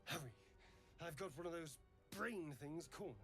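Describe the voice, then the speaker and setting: A man's voice: fairly high pitch, normal speed, a bit bright, soft background music. A scared pleading young boy. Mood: urgent. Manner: urgent, pleading. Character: frightened young boy urging a hero on.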